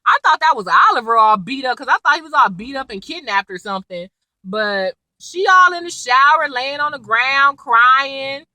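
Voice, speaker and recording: Bright, high-voiced woman recapping a show. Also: moderate pace, no room sound, rough recording. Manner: chatty, animated retelling with quoted lines and laughs. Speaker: TV recap vlogger. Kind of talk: casual episode recap.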